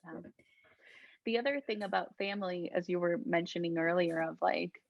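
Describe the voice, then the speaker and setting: A woman from Colombia, a guest healer, talking gently and reflectively in a casual interview, often laughing. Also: on the low side, moderate pace, gravelly, dry recording.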